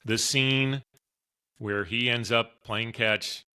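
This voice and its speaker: A man's voice: medium pitch, steady tone, takes it slowly, sharp tone, clear, resonant tone. A man co-hosting a sports podcast who gives candid, blunt opinions in casual chat. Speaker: podcast co-host.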